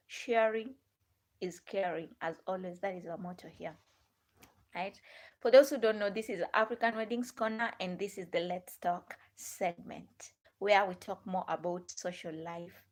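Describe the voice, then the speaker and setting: Chatty Ghanaian woman hosting a live stream. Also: mid-range voice. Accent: Ghanaian English. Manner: rambling, repeats herself, asks viewers many questions.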